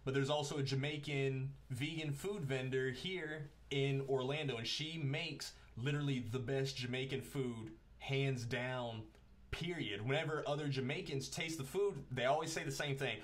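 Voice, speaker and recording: A male host chatting casually and earnestly, with a voice of middling pitch. He picks up viewer comments as he goes. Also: steady tone, normal speed. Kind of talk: casual interview chat.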